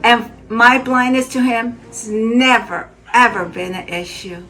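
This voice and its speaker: A woman's voice: a little high, a little slow, fairly bright tone. An older woman giving an earnest, heartfelt account of her own life in an interview. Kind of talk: personal testimony.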